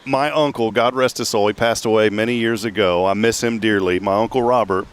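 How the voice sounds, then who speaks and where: A man's voice: lowish voice, steady tone, a little fast, a little hiss or hum. A man hosting a local fundraiser show from an outdoor parking lot, chatting casually and joking. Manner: joking, chatty, self-mocking. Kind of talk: casual live chat.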